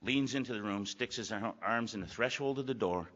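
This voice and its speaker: An older man giving a blunt, emphatic personal testimony to a recovery meeting, gruff and profane, repeating phrases for weight. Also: lowish voice, fairly quick, fairly bright tone. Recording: echoey hall, dull lo-fi sound.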